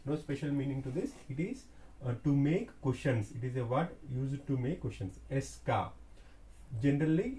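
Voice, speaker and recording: A man teaching French in a slow classroom explanation, repeating key words deliberately. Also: mid-range voice, dark tone.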